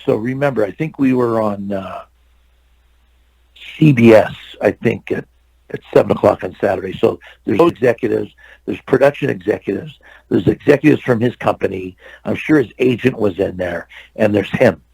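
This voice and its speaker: An older man, an actor and stuntman, telling lively anecdotes as a guest in an interview. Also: lowish voice, moderate pace, vocal fry, breathy edge, dry recording, rough recording. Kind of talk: storytelling interview.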